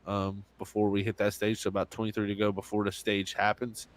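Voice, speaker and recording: A man's voice: fairly low pitch, monotone, brisk, hardly any pauses, a little hiss or hum. A man calling a sim racing event as play-by-play commentator, chatty and laughing between his remarks.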